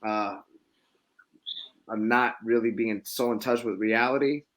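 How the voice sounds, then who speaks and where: A man's voice: mid-range voice, steady tone, a little slow, fairly bright tone. A middle-aged man in a casual podcast conversation, telling stories reflectively with many restarts.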